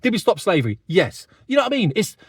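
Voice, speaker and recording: A British man in his fifties delivers a blunt monologue straight to camera, very animated and fast, adding "mate" again and again. His high-pitched voice has a breathy edge, and the online commentator's recording has no echo.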